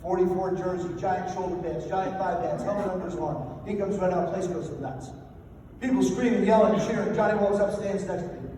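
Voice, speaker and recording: A man's voice: sits high, brisk, warm tone. An older man giving a humorous motivational after-dinner speech, telling self-deprecating stories. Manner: anecdotal, self-deprecating storytelling. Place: banquet hall. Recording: echoey hall from far off, faint noise.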